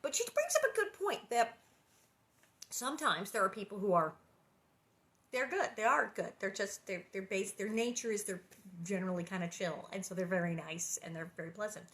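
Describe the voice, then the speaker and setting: A woman reading a children's book aloud and breaking off for chatty, joking commentary, laughing often. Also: mid-range voice. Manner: animated, joking, laughs often, quick asides. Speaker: reader and commentator. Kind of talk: casual read-aloud with chatty asides.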